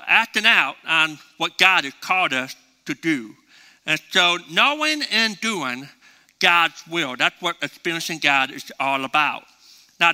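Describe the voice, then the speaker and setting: A man preaching a sermon and telling a story in a folksy, animated way. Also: fairly high pitch. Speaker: pastor. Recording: reverberant hall.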